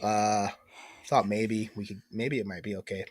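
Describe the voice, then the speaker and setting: A man's voice: on the low side, normal speed, breathy edge, dry recording, studio quality. A man co-hosting a podcast in casual chat, his voice stuffed up and congested, joking as he tells stories. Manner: chatty, joking, lively storyteller. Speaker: podcast co-host.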